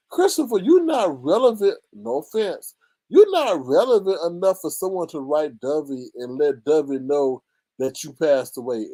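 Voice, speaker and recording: Animated, sassy man gossiping on a live stream. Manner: animated and sassy, with sudden high exclamations and laughter. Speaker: live-stream commentary host.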